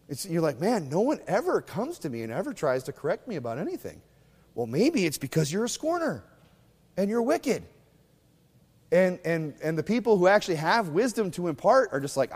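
Fiery preacher man in a reverberant hall. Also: high-pitched. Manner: fiery, mocking preacher who shifts between loud and hushed. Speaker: pastor. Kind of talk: sermon.

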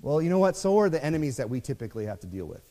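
A man's voice: on the high side, big pitch swings, rapid-fire, mellow. A man preaching a sermon in a loose, conversational way, with frequent fillers, and reading scripture aloud. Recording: long reverb of a church hall.

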